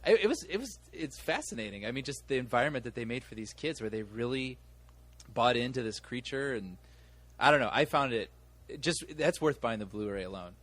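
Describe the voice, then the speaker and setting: A man's voice: medium pitch, lively intonation, brisk, fairly bright tone. A man co-hosting a movie podcast, telling a long story in casual chat with many restarts. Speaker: podcast co-host.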